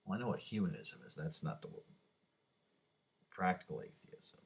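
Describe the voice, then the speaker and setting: Husky low-voiced man rambling. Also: big pitch swings, normal speed. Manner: rambling, muttering, restarts and trails off. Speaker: vlogger. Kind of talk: late-night rambling monologue.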